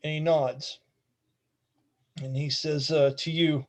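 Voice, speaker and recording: A man's voice: fairly high pitch, flat delivery, slow pace, pauses often. A man narrating a tabletop game as game master, casual and rambling, often laughing.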